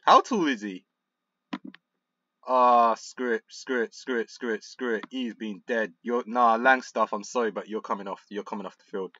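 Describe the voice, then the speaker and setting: A young man commentating on a football management game, frustrated and excitable, muttering one moment and shouting the next. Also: medium pitch, moderate pace, lo-fi sound. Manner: frustrated, excitable, swings between muttering and outbursts. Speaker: gaming YouTuber.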